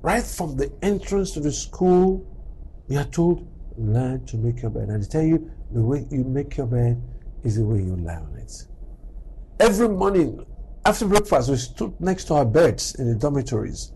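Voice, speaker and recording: A middle-aged man delivering a motivational talk, his pitch sitting a touch high and swinging widely as he acts out small dialogues. His voice has a husky edge throughout. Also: moderate pace, poor audio. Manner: animated, acts out little dialogues. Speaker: speaker on character.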